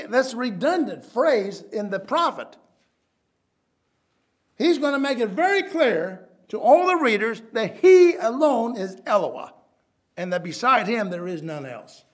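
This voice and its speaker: A man preaching a sermon, swinging between loud emphatic bursts and quiet asides, using Hebrew names for biblical terms. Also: very high voice, big pitch swings, a little slow.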